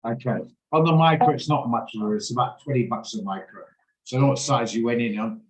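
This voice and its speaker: Male trading host, blunt and rambling, echoey video-call sound. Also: mid-range voice. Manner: chatty, blunt, rambles off topic. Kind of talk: casual chat in an online trading session. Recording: roomy echo on a video call.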